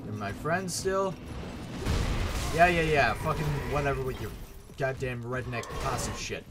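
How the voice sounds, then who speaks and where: A man's voice: mid-range voice, unhurried, background noise. A young man commentating his own gameplay, swearing and sarcastic as he rants at enemies. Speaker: gaming YouTuber.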